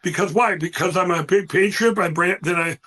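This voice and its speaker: A man's voice: high voice, a little fast, a bit bright. A man, a guest on a talk show, telling stories in a rambling, emphatic way and acting out what others said. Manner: rambling, emphatic, acts out quoted voices. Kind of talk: animated interview storytelling.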